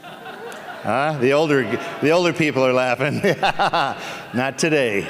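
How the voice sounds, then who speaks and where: An actor on a convention panel, a man joking and teasing audience members in playful, quick asides. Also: mid-range voice, a bit bright. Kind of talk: comedic Q&A banter with the audience. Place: convention hall. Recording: echoey convention hall.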